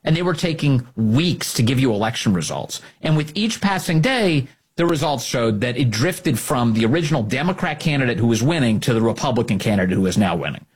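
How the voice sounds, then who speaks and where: A man's voice: medium pitch, animated, quick pace, few pauses, husky. A man hosting a political commentary show, ranting in a sarcastic, heated manner. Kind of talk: opinion show monologue.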